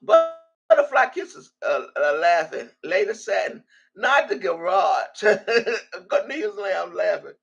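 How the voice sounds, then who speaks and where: Gravelly, husky older woman chatting loosely. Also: medium pitch, lively intonation, takes it slowly, faint music behind. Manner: loose and salty, laughs often, reads comments aloud. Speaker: livestream host reading viewer comments. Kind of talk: casual livestream chat.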